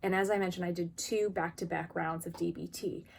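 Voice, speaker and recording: A woman's voice: fairly low pitch, fairly even intonation, brisk, creaky. A woman vlogger talking frankly and expressively to camera about her own experience, in a casual personal style. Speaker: vlogger sharing lived experience.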